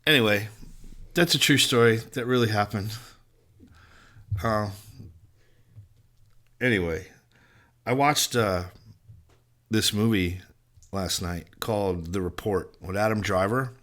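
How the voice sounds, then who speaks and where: A man's voice: on the low side, takes it slowly, long pauses, a bit bright. A man hosting a podcast, telling a rambling, profane story in casual conversation. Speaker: podcast host.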